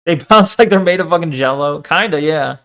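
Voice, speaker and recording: A man's voice: a little high, fairly quick, sharp tone. A man streaming and chatting casually, reading chat, swearing often and rambling between topics.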